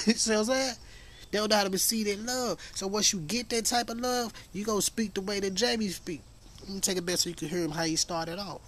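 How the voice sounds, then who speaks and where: A man's voice: high voice, fairly even intonation, brisk, fairly bright tone. A man hosting a podcast in a casual monologue, emphatic, profane and preachy, rambling as he goes. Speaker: podcast host.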